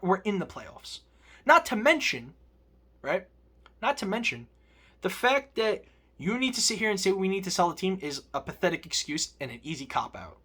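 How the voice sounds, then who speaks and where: A man's voice: high voice, sharp tone. A man, a sports vlogger, ranting angrily and profanely to his viewers as a fan. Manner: angry, profane, emphatic.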